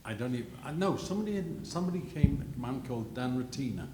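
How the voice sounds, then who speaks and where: An older man telling a rambling, self-deprecating story at a gallery panel, halting with many restarts. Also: medium pitch, lively intonation. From England. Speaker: panel guest, illustrator. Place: gallery panel before an audience. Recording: echoey gallery hall, noisy.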